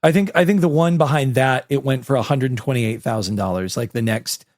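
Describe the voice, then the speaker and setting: A man co-hosting a podcast, sharing film trivia in casual chat with relaxed asides. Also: mid-range voice, fairly quick, no echo, clean studio sound. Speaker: podcast co-host.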